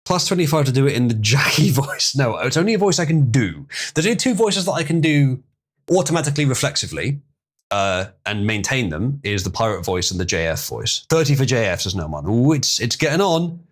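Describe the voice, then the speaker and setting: A man streaming live in an easygoing, chatty way, reading long technical words and tripping over a few. His pitch moves around freely, and his tone stays loose and conversational. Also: very animated, brisk. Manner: stumbling over hard words, chatty with the audience. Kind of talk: casual live-stream chat and reading aloud.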